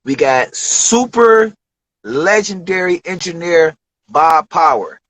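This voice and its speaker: He takes it slowly, his voice a little high, captured with no echo but on a rough recording. The interview guest, a Detroit rapper, shares studio anecdotes in casual conversation, performing the voices of those he quotes and swearing without restraint in profane slang.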